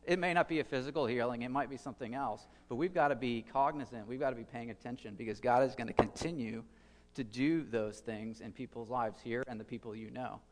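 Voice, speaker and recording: A man's voice: mid-range voice, a little fast, long reverb tail. A man preaching a sermon as a pastor, conversational and thinking aloud, with fillers and restarts.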